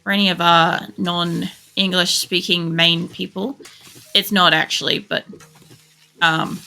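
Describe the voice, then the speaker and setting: Gravelly Australian woman gaming. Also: on the low side, level tone, takes it slowly, pushed and bright. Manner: rambling, chatty, swears freely. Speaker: game streamer. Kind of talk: casual chat while playing. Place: home computer setup.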